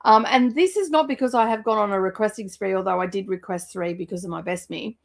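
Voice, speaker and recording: A middle-aged woman chats casually about her reading, wandering from thought to thought with frequent ums. Her voice has a gravelly, creaky texture at a middle pitch. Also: fast. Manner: chatty, rambling with many fillers. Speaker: book vlogger. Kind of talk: casual chat.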